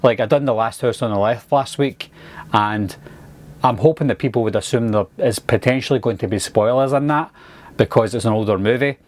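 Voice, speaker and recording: A man with a Scottish accent, talking casually to camera as a movie reviewer, relaxed and chatty. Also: mid-range voice, a little fast. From Scotland.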